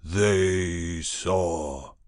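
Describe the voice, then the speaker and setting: A man voicing a hairy grey beast-man in an audiobook, who speaks in slow, grave pronouncements. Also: low voice, a little mellow, no room sound, studio quality. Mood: solemn.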